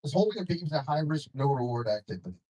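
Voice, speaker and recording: Young male stand-up comic, slightly high voice, dry delivery with chuckles. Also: expressive, racing, mellow, breathy edge, low-quality recording. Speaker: stand-up comedian. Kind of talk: stand-up comedy set. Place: comedy club stage with audience.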